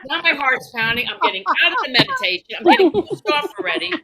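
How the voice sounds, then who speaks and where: A middle-aged woman doing a self-deprecating stand-up set, with quick punchlines and mock-soothing meditation voices. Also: sits high, very animated, creaky, a loud crowd, poor audio. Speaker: stand-up comic. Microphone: video call.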